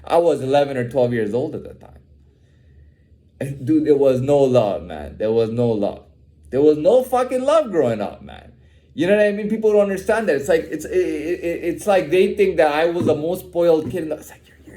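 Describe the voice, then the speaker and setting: A man's voice: on the high side, animated, moderate pace, warm tone. A man ranting in a heated, profane way, repeating himself and ending lines with "man". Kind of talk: candid personal rant.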